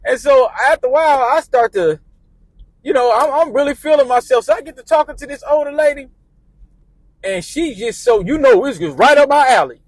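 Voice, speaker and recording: A man with a fairly high voice telling a casual, rambling story, circling back and repeating himself as he talks. The sound is dry and close, with little room around it. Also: expressive, fairly quick, dry recording.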